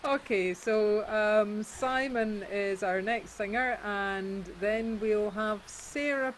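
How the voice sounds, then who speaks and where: A woman's voice: mid-range voice, background noise. A woman hosting an online singaround in casual, joking chat over a video call. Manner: joking, quick to laugh.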